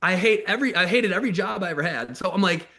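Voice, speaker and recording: A man's voice: high-pitched, lively intonation, quick pace, sharp tone. An American man in his thirties telling his life story on a video call, in a casual, candid way, sometimes acting out the people he quotes. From United States. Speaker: motivational speaker. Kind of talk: personal story told to an online call.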